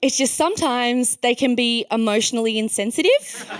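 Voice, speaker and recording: A young woman with an Australian accent and a high voice, working through a stand-up comedy routine on stage. She rambles and puts herself down, dropping a stream of fillers between her lines. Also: expressive, normal speed, noisy background. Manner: rambling, self-deprecating, filler-heavy delivery. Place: stage before a live audience.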